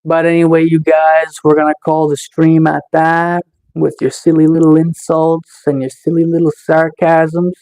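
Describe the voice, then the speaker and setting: A man's voice: on the high side, completely flat delivery, moderate pace, warm tone, clear, resonant tone. A man live-streaming in a casual chat, teasing and taunting the trolls in his chat with sarcastic mock-tough boasts.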